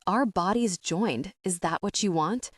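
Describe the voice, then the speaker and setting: A woman's voice: unhurried, husky, no echo, studio quality, recorded from a distance. Woman voicing a murmuring, commanding young lover. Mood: low, coaxing. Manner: low, murmured, coaxing. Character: low-voiced, commanding young man, tender lover.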